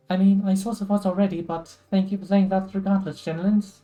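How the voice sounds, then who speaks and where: A woman's voice: medium pitch, flat delivery, brisk, hardly any pauses, mellow, faint music behind. A woman streaming a game, casually narrating her moves and commenting as she plays. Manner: chatty, self-narrating.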